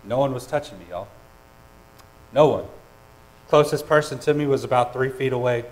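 In a low-quality recording, a man preaches as a pastor, earnest and personal. His voice is medium in pitch and his pace is normal, though he restarts hesitantly and shifts between loud and quiet passages.

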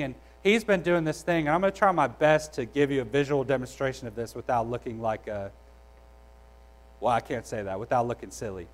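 A man's voice: fairly high pitch, fairly bright tone, rough recording. A young adult man preaching a sermon in a conversational, storytelling way, with frequent restarts. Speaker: pastor.

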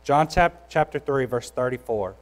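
A man's voice: medium pitch, expressive, normal speed, poor audio. A young adult man preaching a sermon in a conversational, storytelling way, with frequent restarts. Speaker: pastor.

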